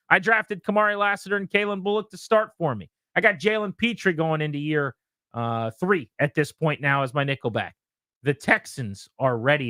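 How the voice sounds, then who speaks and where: Male sports talk host, higher-pitched and crisp, walks through rosters methodically. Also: pushed and bright, no room sound. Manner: methodical, lists players and picks.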